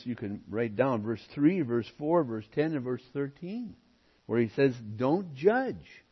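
A man preaching a verse-by-verse sermon to his church, emphatic at times and then dropping to quiet asides. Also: medium pitch, slightly rough, lo-fi sound. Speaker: pastor. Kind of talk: expository sermon.

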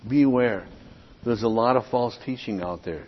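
Emphatic pastor in an echoing hall. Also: male voice, medium pitch, normal speed. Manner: emphatic, repeats points, checks in with "okay?". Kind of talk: expository sermon. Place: church sanctuary. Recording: dull lo-fi audio with long hall reverb.

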